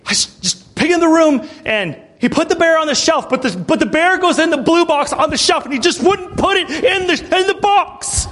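A man voicing his young son falling apart in distress, wailing and shouting. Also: expressive, normal speed, hardly any pauses. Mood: distraught. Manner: high wailing, breaking down. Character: distraught little boy, sobbing and shouting.

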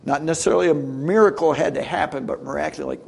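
Middle-aged man, preacher, gravelly voice, slightly high, chatty sermon with rhetorical questions. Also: quick pace, darkish tone. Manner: conversational, many asides and rhetorical questions.

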